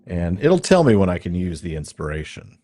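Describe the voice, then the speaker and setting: A man's voice: sits low, very animated, a little fast, mellow. A man hosting a game stream, chatting casually and thinking aloud as he plays. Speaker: streamer and podcast host. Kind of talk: casual gameplay commentary.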